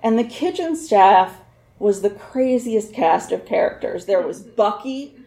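A woman's voice: mid-range voice, lively intonation, unhurried, dark tone, echoey room. A woman telling a personal story on stage with a wry, candid, laughing manner.

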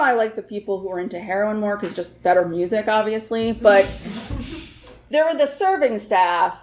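A woman's voice: medium pitch, echoey room. A woman telling a personal story on stage with a wry, candid, laughing manner.

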